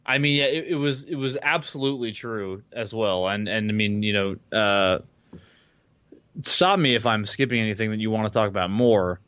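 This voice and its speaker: A man's voice: lowish voice, normal speed, a bit bright, clear, resonant tone, no room sound, muffled recording. A man co-hosting a podcast, casually recapping a horror novel in a loose, rambling way with restarts and casual swearing. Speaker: podcast co-host. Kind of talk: casual chat recapping a book.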